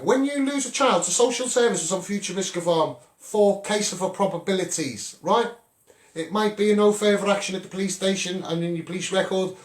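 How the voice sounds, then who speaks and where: Fiery high-voiced Scouse campaigner. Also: male voice, echoey room. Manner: punchy, repeats "right?" for emphasis. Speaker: children's rights campaigner. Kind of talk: impassioned campaign monologue.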